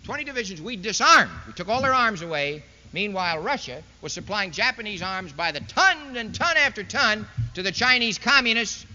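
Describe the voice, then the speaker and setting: A man's voice: high-pitched, animated, moderate pace, few pauses, pushed and bright, a little hiss or hum. A man giving a sarcastic, emphatic public lecture speech to a university audience, in a dull lo-fi 1960s archival recording made in a large hall. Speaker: political speaker addressing a university audience.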